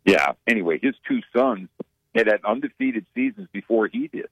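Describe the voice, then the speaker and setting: A man's voice: medium pitch, wildly swooping pitch, normal speed, gravelly, fairly bright tone, dry recording. A man chatting casually about college football, rambling with many fillers. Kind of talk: casual sports chat. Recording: dull radio audio.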